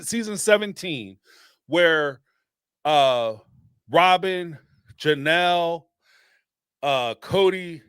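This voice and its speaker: A man's voice: a little high, bright, forceful tone, no echo, clean studio sound. A man hosting a live reality TV commentary, talking casually and emphatically and repeating points for effect. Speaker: host of a reality TV commentary channel.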